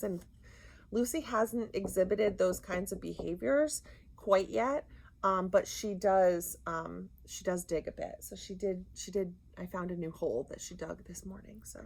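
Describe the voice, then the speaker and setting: Woman, Rhode Island accent, podcast co-host, chatty, acts out quotes with big jumps in pitch. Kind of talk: casual chat.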